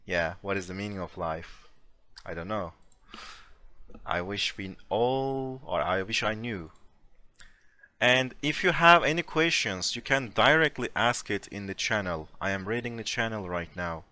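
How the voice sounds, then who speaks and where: Slow, patient man teaching online. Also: on the low side, animated, sharp tone. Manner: slow, patient explaining with casual fillers. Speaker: Turkish language teacher. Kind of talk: online class explanation. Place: home room, over a voice chat. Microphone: computer mic on a voice chat.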